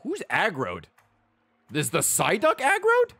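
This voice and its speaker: Wildly animated, swearing gamer man. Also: high-pitched, takes it slowly, creaky, soft background music. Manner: profane, excitable running reactions. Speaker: video game streamer. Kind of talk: casual gameplay commentary.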